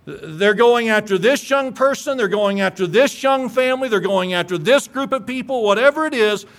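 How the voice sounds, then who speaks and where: High-voiced man preaching a sermon. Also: lively intonation, normal speed, a bit bright. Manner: earnest, conversational preaching with rising emphatic peaks. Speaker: pastor.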